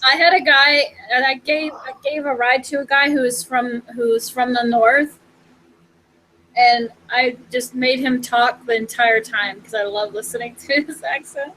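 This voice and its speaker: Playful high-voiced woman hosting a chat. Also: steady tone, unhurried, bright, forceful tone, poor audio. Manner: playful, laughs often. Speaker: host. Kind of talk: casual chat.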